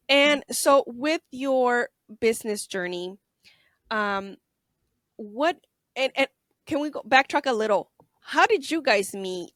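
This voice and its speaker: A woman's voice: mid-range voice, fairly bright tone, no echo, clean studio sound. A woman hosting a casual interview, chatty and affirming, often tagging her points with "right?" and "you know". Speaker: podcast host.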